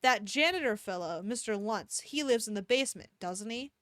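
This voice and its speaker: A woman's voice: on the high side, lively intonation, fairly bright tone, no echo, studio quality. A woman reading aloud as a sly teenage boy who taunts and teases with a mocking drawl. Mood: taunting. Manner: mocking, drawn-out teasing.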